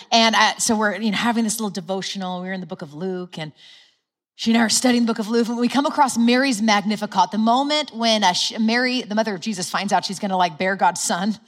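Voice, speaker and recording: A woman preaching a sermon in a casual, conversational way. She laughs often and acts out the lines she quotes. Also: on the high side.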